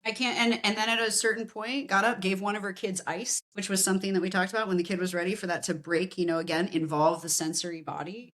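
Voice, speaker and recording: A woman's voice: mid-range voice, fast, few pauses. A woman in her forties, a somatic practitioner talking in a casual podcast conversation, telling stories with acted-out quotes. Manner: animated storytelling with acted quotes.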